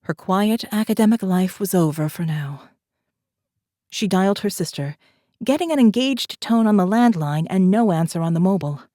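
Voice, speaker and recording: A woman narrating a thriller audiobook in a steady, measured storytelling voice, recorded on a close studio mic. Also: medium pitch, dry recording. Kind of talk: scripted narration.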